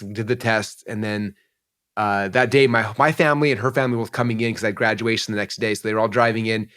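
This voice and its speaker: A man in his forties tells a personal story as a podcast guest, talking quickly and rambling with many fillers. His voice sits at an ordinary middle pitch, and he sounds emotional and open. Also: a bit bright. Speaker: entrepreneur guest. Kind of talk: candid interview storytelling.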